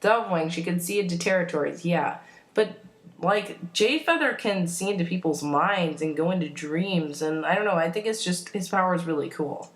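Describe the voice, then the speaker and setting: A woman's voice: fairly low pitch, normal speed. A woman rambling enthusiastically in a casual fan vlog, full of fillers and self-corrections. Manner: enthusiastic, opinionated. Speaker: vlogger.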